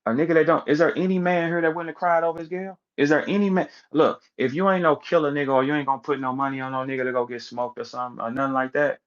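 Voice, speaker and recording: A man's voice: on the high side, steady tone, quick pace, few pauses, dull audio. A man giving a casual, emphatic rant as a commentator, repeating words and acting out the people he quotes. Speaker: battle rap commentator.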